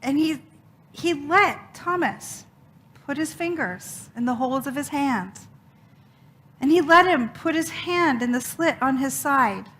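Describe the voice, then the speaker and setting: High, bright-voiced woman preacher telling a story. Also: unhurried. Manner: dramatic, expressive storytelling with emphatic repeats. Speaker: minister. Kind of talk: sermon storytelling.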